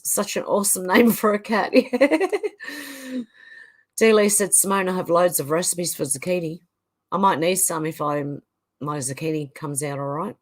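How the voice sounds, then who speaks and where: A middle-aged woman hosting a live stream, reading viewer comments aloud with frequent laughter. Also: fairly low pitch. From Australia. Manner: reads comments aloud, often laughs and chuckles. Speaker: livestream host reading chat. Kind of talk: casual chat reading out comments.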